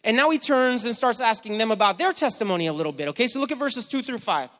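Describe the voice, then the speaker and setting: High-voiced preacher in a reverberant hall. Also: male voice, lively intonation, quick pace. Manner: preaching with sharp swings from quiet to emphatic. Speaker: pastor. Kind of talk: sermon.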